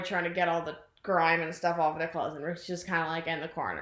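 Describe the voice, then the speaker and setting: A young woman in casual chat, retelling a film's plot in a rambling, animated way, full of "like" and acted-out quotes. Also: deep voice, a little fast. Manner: rambling, animated, heavy use of "like", acts out quotes. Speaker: vlogger retelling a film plot. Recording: echoey room.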